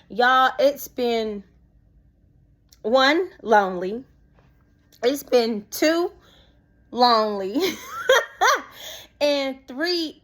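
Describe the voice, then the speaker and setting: A young woman telling a personal story to her viewers in a casual, expressive vlog style. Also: a little high. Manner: expressive, talks straight to viewers as "y'all". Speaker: vlogger.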